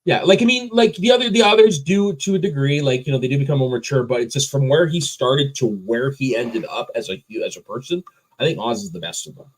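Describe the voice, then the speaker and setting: A man's voice: medium pitch, fast, rough recording. A man co-hosting a casual movie review podcast, sharing trivia and laughing often. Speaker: podcast co-host.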